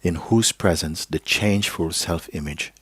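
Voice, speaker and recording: A man giving a live spiritual teaching to an audience, speaking slowly and gently, sometimes dropping to a soft whisper and checking in with "okay?" and "you see?". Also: deep voice, husky, no echo. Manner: slow, gentle, drifting into a soft whisper at times. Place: live gathering hall.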